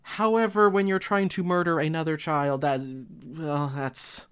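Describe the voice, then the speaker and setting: A man, a voice actor, chatting casually in a cast Q&A with wry, quick jokes. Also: a little high, smooth. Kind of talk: casual chat.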